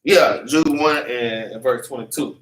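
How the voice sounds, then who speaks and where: A man's voice: mid-range voice, unhurried, fairly bright tone. A man teaching a Bible class, preaching with fervent, repetitive street talk and having scripture read back to him. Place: meeting room with congregation. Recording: echoey room, mic at a distance.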